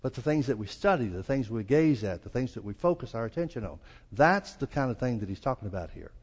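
A man's voice: expressive, fast talker, slightly rough. A man with a Southern US accent preaching a sermon as pastor, folksy and acting out the quoted lines. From American South. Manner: folksy, acts out quoted lines with rising pitch. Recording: long reverb of a church hall.

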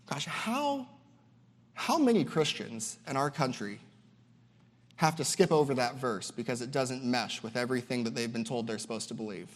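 A man's voice: medium pitch, animated, normal speed, long reverb tail. A young man preaching a sermon as a guest speaker, talking in a loose, conversational way, often mimicking other people's voices and repeating words as he goes.

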